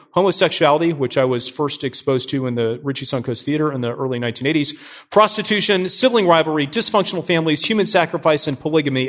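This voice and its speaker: A middle-aged man preaching a sermon as pastor, energetic and joking, often asking his listeners questions. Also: a little high.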